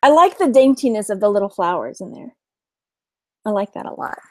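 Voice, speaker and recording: A woman's voice: medium pitch, very animated, fairly quick, a little mellow, no echo, studio quality. A woman in her thirties with a Texan accent, chatting casually on a live stream, giggling often and reading viewer comments aloud. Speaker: vlog host, reseller.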